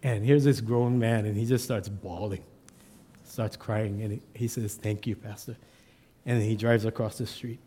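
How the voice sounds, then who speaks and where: Guy preaching, animated storyteller poking fun at himself. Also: fairly low pitch, moderate pace, breathy edge. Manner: animated storyteller, self-deprecating humor. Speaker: assistant pastor. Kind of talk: storytelling sermon.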